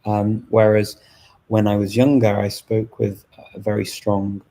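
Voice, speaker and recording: A middle-aged man from Liverpool with a softened northern English accent, talking casually and thoughtfully to viewers in a live stream, with frequent restarts. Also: fairly low pitch, level tone, a little slow, rough recording. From Liverpool, England. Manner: thoughtful, many restarts and fillers. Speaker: language channel host.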